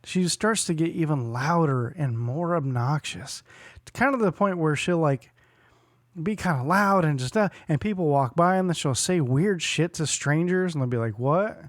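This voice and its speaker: A podcast co-host in his forties tells a story during casual chat, acting out other people's lines and laughing often. His voice is fairly high and his speed normal, captured in a dry, clean studio recording.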